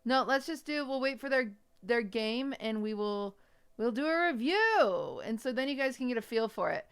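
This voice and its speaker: Female streamer with a slightly high, clean voice, chatty and thinking aloud. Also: normal speed, clean tone. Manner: chatty, thinks aloud while clicking through a lesson. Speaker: livestream host. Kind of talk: casual livestream chat.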